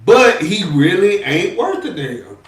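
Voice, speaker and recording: A man, a podcast co-host talking in a laid-back, rambling way that often trails off softly. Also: high voice, big pitch swings, slow, recorded from a distance. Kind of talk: casual chat. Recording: echoey room, off-mic.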